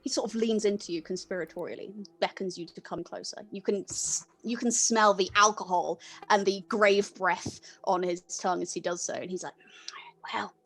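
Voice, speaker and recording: A woman runs a tabletop roleplaying game, narrating scenes in a relaxed, rambling way. She pads her descriptions with small fillers. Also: medium pitch, brisk, hardly any pauses. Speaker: game master.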